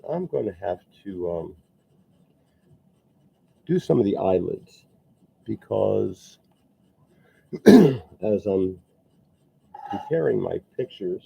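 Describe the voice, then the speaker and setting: A man's voice: on the low side, sing-song, slow, creaky, pauses often, breathy edge. A man chatting casually on a live stream as he sculpts, often muttering asides to himself in an indoor workspace. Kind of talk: casual live-stream chat while working. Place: indoor workspace under air conditioning vents. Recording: dull lo-fi stream audio.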